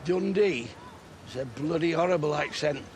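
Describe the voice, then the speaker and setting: A man playing a blunt, high-voiced Sheffield dad. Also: moderate pace, slight background noise, natural voice. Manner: blunt, swears freely. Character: blunt loud-mouthed middle-aged dad, crude. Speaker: father. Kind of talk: sitcom acting.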